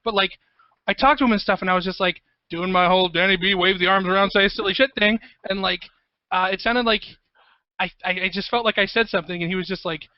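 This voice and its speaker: A man, a composer guest, telling stories in a rambling, profane, excitable way in a casual interview. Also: high voice, fast talker, no room sound, muffled recording. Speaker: guest, video game composer.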